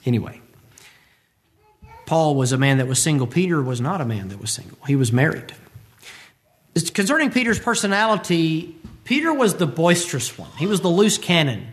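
A man's voice: a little high, sing-song, moderate pace, long pauses. A tired male preacher giving a sermon, who acts out the scripture quotes he tells.

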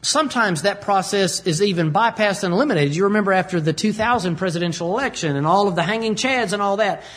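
A man's voice: high voice, fast, fairly bright tone. A man preaching a sermon, emphatic and repetitive as he explains scripture plainly.

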